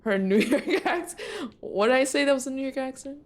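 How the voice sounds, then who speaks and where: A young woman streaming a game live, reacting excitably and laughing often as she plays. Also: sits high, fairly quick. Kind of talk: live gameplay commentary.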